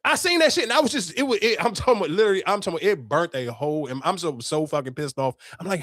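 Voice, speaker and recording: A young adult man hosting a podcast, telling a story in animated, profane casual chat with sudden outbursts. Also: a little high, very fast, few pauses, no room sound, studio quality. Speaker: podcast host.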